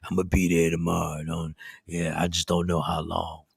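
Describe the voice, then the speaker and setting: A man imitating a groggy, drugged man just out of surgery, mumbling low and quiet. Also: completely flat delivery, moderate pace, creaky, slightly rough, no room sound, clean studio sound, full character voice. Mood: stubborn.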